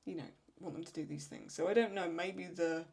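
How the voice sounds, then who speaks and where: Chatty woman thinking aloud, slightly low voice. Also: steady tone, brisk, vocal fry, darkish tone. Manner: thinks aloud with restarts, laughs when retelling funny lines. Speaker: channel host answering viewer questions. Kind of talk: casual Q&A chat.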